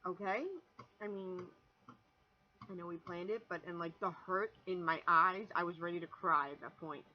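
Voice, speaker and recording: A young woman in her twenties telling a rambling, animated story on her vlog, swearing freely and restarting sentences as she goes. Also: on the low side, normal speed, muffled recording, slight background noise. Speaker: vlogger.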